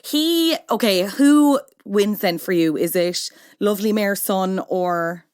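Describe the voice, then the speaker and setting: A young woman hosts a relaxed film podcast, talking quickly and peppering her sentences with "like". She is recorded close to the mic in a dry, dead room. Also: medium pitch, smooth, no echo. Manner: chatty, fast, many filler "like"s. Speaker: podcast host. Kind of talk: casual film chat.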